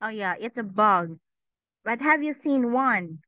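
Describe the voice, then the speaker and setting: A woman's voice: fairly high pitch, animated, a little slow, pushed and bright, no echo. A woman English teacher leading an online class for children, patiently asking questions and saying "okay" often. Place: online class over a video call. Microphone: video call microphone. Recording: thin phone-like call audio.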